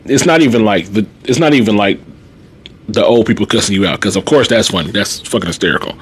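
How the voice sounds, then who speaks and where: A man's voice: fairly low pitch, fast, slightly rough. A man, a nursing assistant telling funny work stories on a casual livestream, laughing often and talking in slang.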